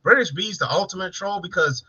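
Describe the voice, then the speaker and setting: A man's voice: high-pitched, brisk, pushed and bright, breathy edge. Joking profane man on lo-fi stream. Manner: joking, profane, greets chat viewers. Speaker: live stream co-host. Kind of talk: casual late-night live stream chat.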